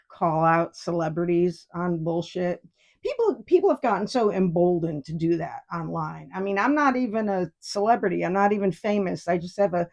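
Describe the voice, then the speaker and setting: A woman's voice: mid-range voice, darkish tone. A middle-aged woman hosting a podcast, telling a story in a casual, frank way with many restarts. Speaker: podcast host.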